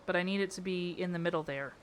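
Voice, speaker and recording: A woman's voice: fairly low pitch, fast talker, slight background noise. A young woman streaming live, chatting casually with her chat while building in a game, playful and exasperated. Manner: playful, exasperated, reacting to chat with frequent laughter.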